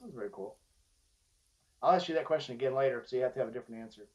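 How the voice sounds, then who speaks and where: Fast-talking chatty male host. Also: mid-range voice, a little mellow, lo-fi sound. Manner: chatty storyteller. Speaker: interview host. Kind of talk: casual interview conversation.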